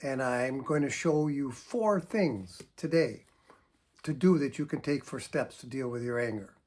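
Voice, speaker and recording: Husky older man giving calm advice. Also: unhurried. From United States. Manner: earnest, emphatic, demonstrates sighs and deep breaths. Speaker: psychotherapist. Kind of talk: direct-to-camera advice talk.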